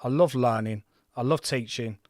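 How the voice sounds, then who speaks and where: A man in his forties talks through a game on his livestream, chatty and rambling, often poking fun at himself. His voice sits at an ordinary middle pitch and the recording is dry and close. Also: moderate pace, a little mellow, no echo. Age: 40s. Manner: chatty, rambling, self-deprecating. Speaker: gaming livestream host. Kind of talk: casual livestream commentary.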